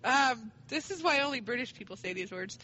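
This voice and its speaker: A woman's voice: a little high, lively intonation, a little fast, pushed and bright, rough recording. A woman co-hosting a casual podcast, playful and giggly, guessing unsure answers. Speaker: podcast co-host.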